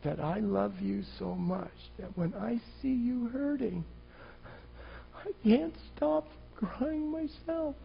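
A man's voice: on the high side, measured pace, creaky, breathy edge, muffled recording, heavily acted. A man voicing God, tearful and pleading. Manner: pleading, tender and broken. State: choked up, near tears. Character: God as a grieving, loving heavenly father.

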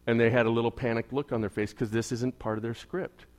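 A man preaching as an evangelical pastor, telling a story conversationally to his congregation and swinging between quiet asides and emphatic bursts. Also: mid-range voice, little pitch movement, fast. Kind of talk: storytelling sermon.

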